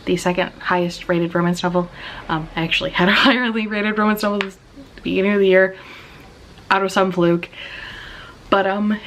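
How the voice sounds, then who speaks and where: For her casual book vlog, a tearful reviewer with a medium-pitched, slightly bright voice and vocal fry enthuses about a romance novel she loves. She fills her speech with fillers and whispered asides, over a faint hiss or hum.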